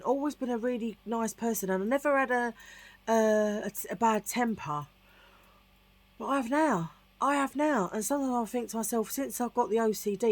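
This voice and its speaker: A woman's voice: on the high side, no echo. A middle-aged woman from Tottenham with a London accent, telling a rambling personal story in casual vlog chat with lots of asides. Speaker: vlogger.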